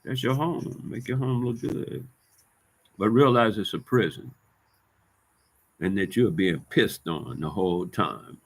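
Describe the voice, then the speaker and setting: A man's voice: on the low side, a little slow, pauses often, breathy edge. A man delivering a heated, profane monologue as a vlogger, circling back over the same points in loose street talk. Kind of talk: ranting monologue to camera.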